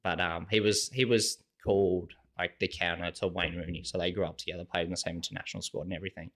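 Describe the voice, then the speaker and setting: A young Australian man with a low voice speaks fast as a podcast guest, casually telling stories. He's a relaxed, animated storyteller who performs quoted dialogue and says "like" in almost every sentence.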